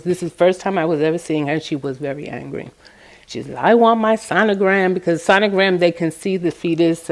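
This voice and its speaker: A middle-aged woman giving a meditation talk, telling stories from her work in a gentle, storytelling way. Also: sits low. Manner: gentle, storytelling, acts out quoted voices. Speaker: meditation teacher. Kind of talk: dharma talk with personal stories.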